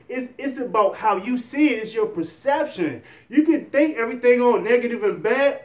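High-voiced man in an echoey room. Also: distant mic. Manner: earnest, rambling, encouraging, with restarts. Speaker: vlogger. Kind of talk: motivational vlog talk.

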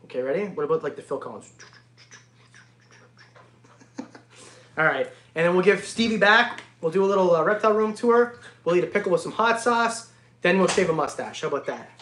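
A man hosting a casual reptile livestream, jokey and excitable, often breaking into laughs. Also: high-pitched, fairly quick, long pauses. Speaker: reptile channel host. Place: home reptile room. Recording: echoey room.

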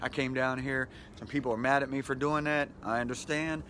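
A middle-aged man talks into his phone outdoors by the water, rambling in a friendly way and chuckling often. His voice sits at an ordinary pitch for a man. Faint outdoor noise runs under the recording. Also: steady tone, fairly quick, a bit bright. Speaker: vlog host. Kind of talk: casual motivational vlog. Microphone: handheld phone camera.

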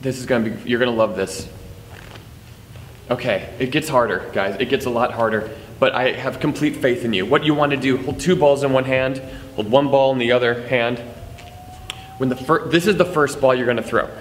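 A man's voice: medium pitch, moderate pace. Jokey man teaching juggling. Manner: jokey, chatty, self-deprecating, counts throws aloud. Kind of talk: casual tutorial to camera. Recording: long reverb, faint background noise.

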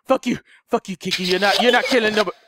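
A man commentating a horror game, panicking loudly, swearing and laughing. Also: high voice, fairly even intonation, rapid-fire, no room sound, clean studio sound. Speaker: gamer commentator. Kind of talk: let's play commentary.

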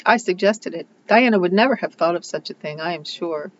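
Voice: mid-range voice, fairly quick, lo-fi sound, slight background noise, lightly acted. A reader doing an earnest, dramatic young girl. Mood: pleading. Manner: earnest and pleading, breathless outpourings. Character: impulsive, dramatic orphan girl, eager.

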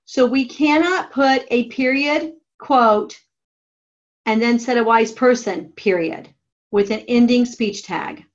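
A woman writing teacher giving a classroom grammar lesson, dictating each step slowly and deliberately. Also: a little high, lo-fi sound. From United States. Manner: slow, deliberate dictation of steps.

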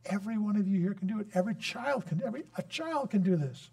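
High-voiced, earnest male preacher. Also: lively intonation, fast, gravelly, warm tone. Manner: earnest, storytelling, rising to fervent prayer. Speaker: guest preacher. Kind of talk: sermon.

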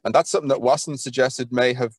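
A man's voice: mid-range voice, fairly even intonation, quick pace, dry recording. An Irish man talking as an interview guest, enthusiastic and rambling, with lots of fillers and restarts. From Ireland. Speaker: podcast guest, folklore archivist. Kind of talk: conversational interview.

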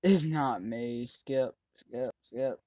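Excitable let's-play host, chatty commentary with sudden yelling, mid pitch, dry close mic. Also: drawn-out words, no room sound. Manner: excitable, yells at other players; chatty running commentary on the game. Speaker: gaming channel host.

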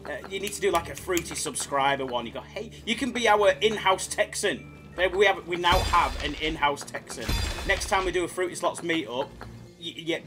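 A man's voice: a little high, fairly quick, over music. A man with a Yorkshire accent hosting a live slots stream, chatting and joking casually with viewers. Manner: chatty, jokey, laughs often.

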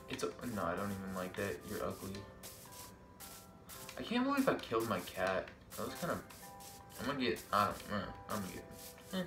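A man's voice: lowish voice, vocal fry, recorded from a distance. A young man giving casual game commentary, joking to himself and yelping when startled. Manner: jumpy, yelps and shrieks when startled, joking self-talk. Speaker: gaming vlogger. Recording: echoey room, off-mic, noisy background.

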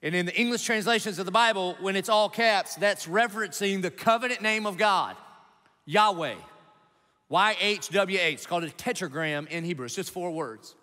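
A man's voice: high-pitched, normal speed, bright, forceful tone. A male pastor preaching an emphatic sermon, driving his points home with punchy rhetorical questions to the congregation. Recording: long reverb of a large hall.

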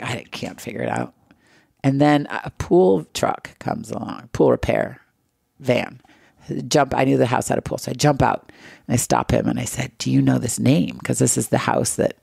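A woman's voice: very deep voice, creaky, breathy edge, no room sound, clean studio sound. A middle-aged woman from the United States, telling a travel story as an interview guest and acting out the quoted lines. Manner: lively anecdotal storyteller who acts out quoted dialogue.

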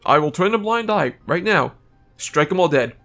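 A man's voice: fairly high pitch, animated, normal speed, gravelly, fairly bright tone, faint music behind. A man reading game lines as a bitter, dismissive male villain scientist. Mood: scornful. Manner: dismissive, curt.

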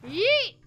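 Young woman streamer, super high squeaky voice, all over the place, cussing and shrieking, loud game music behind. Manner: excitable, swearing, shrieks and laughs. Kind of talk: live gameplay commentary.

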